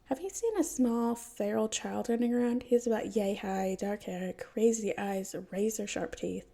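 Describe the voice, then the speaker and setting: Give me a friendly, teasing country father, a grown man who jokes theatrically with his little son, as a woman reading a story aloud voices him, with a gravelly, mellow tone and a rough edge to the words. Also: medium pitch, unhurried. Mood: cheerful. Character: cheerful playful male rural dad.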